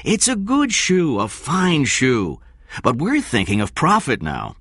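A man's voice: mid-range voice, huge pitch swings, takes it slowly, a bit bright, slightly rough, no room sound, studio quality, voice pushed up, exaggerated voice. A man voicing a male fashion designer in his mid-forties who talks eagerly and with emphasis.

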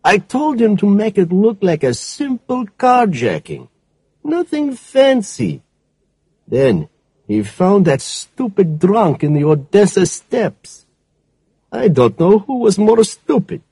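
A male reader voicing a cold, tired female crime boss in an audiobook, speaking in a low, contemptuous way. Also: sing-song, slow pace, vocal fry, warm tone, breathy edge, no room sound, heavily acted. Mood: weary, scornful.

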